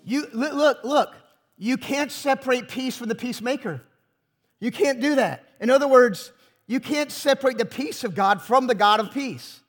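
A man's voice: very high-pitched, moderate pace, soft background music. A pastor preaching a sermon to his congregation, emphatic and full of rhetorical questions.

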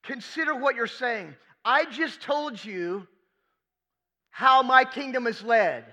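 A man's voice: very high-pitched, slow pace, bright, forceful tone, in a large hall, pitched above the performer's own voice, full character voice. A man preaching, voicing an earnest male teacher who insistently corrects his followers, repeating himself.

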